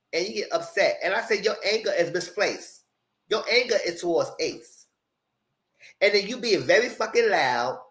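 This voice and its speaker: A man giving a casual, animated live recap of a reality show, full of quoted asides. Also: sits high, rough recording.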